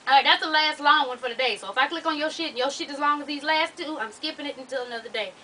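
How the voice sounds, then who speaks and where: A woman's voice: high voice, fast, bright, forceful tone, distant mic, low-quality recording. A woman hosting an advice vlog, talking bluntly and sassily with plenty of profanity. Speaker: advice show host.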